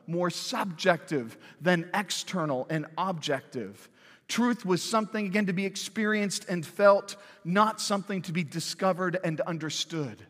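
A man preaching a sermon as pastor, emphatic, rising to loud declarations and dropping low again. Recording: long hall reverb.

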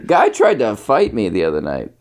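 A man's voice: lowish voice, huge pitch swings, normal speed. A man co-hosting a podcast in casual banter, crude and laughing a lot. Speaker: podcast co-host.

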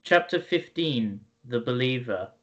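A man's voice: medium pitch, expressive, unhurried, a bit bright. A man co-hosting a podcast in casual chat, explaining his views earnestly and patiently. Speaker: podcast co-host. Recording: dull lo-fi sound.

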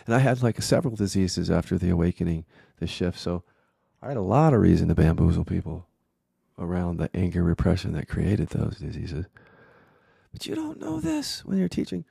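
A man's voice: deep voice, sing-song, normal speed, vocal fry, mellow, slightly rough, no room sound, studio quality. A man, a spiritual teacher, telling his own story in a candid, reflective monologue with frank swearing.

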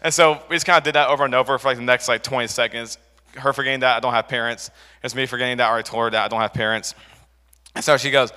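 Bright-voiced young preacher in a reverberant hall. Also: male voice, medium pitch, fairly even intonation, racing. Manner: rambling, filler-heavy storytelling with restarts. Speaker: youth preacher. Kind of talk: casual sermon with a personal story.

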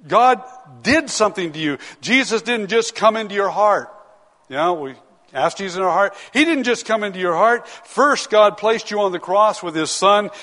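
A man with a high voice preaches a Sunday sermon in a church sanctuary. He is earnest and emphatic and slows his pace to read scripture aloud. Long reverb from the hall trails after each phrase. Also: a bit bright. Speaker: pastor.

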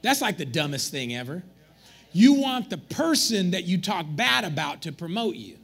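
A man delivers a sermon from the pulpit, his voice pitched high and swinging widely up and down. There is a breathy, husky grain to it, and faint music plays underneath. He teases the congregation as he goes. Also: moderate pace. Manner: animated, joking with the congregation. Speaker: pastor. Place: church.

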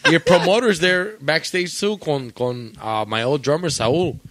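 A man's voice: on the high side, normal speed, a bit bright, no room sound. A young man and podcast co-host, rambling through a profane story in casual chat. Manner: profane, rambling storyteller who acts out quoted voices. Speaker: podcast co-host and band musician.

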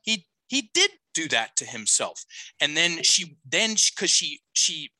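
A man's voice: on the high side, very animated, a little slow, pushed and bright, no echo, rough recording. A middle-aged man, a life coach, telling a long story on a podcast, restarting sentences and checking in with "okay?". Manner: rambling, self-correcting, frequent "okay?" check-ins.

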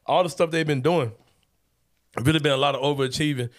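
A young man hosting a sports podcast, talking in a loose, joking, slang-heavy way with loud bursts of laughter. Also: on the high side, steady tone, a little fast. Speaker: podcast host. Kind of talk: casual sports talk.

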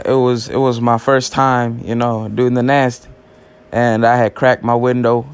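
Brief: late-teens male podcaster, loose joking monologue full of slang, mid-range pitch. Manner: rambling, joking, heavy slang and cussing. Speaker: podcast host. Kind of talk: casual solo podcast monologue.

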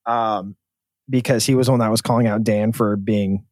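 A man's voice: lowish voice, fairly even intonation, moderate pace, darkish tone, no room sound. A man co-hosting a sports podcast, chatting casually with jokes and profane banter. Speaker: podcast co-host.

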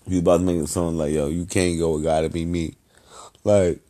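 A man hosting a podcast, giving loose, rambling shout-outs in heavy slang and profanity. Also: low voice, flat delivery, fairly quick. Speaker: podcast host.

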